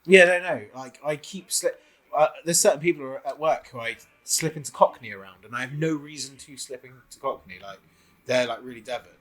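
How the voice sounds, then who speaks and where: A young man from the Southwest of England co-hosting a casual let's-play, playful and quick to laugh. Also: medium pitch, fairly bright tone, poor audio. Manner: playful, sings and laughs along. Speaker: gaming co-host.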